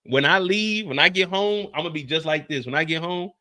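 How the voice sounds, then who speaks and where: A man recapping a crime drama episode for his audience, excitable and profane. His voice is bright and forceful, and he keeps breaking into mouth-made gunshot effects as he retells the action. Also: fairly high pitch, brisk. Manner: excitable, acts out scenes with gunshot sound effects; profane slangy storytelling. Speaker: show recap host. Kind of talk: animated episode recap commentary.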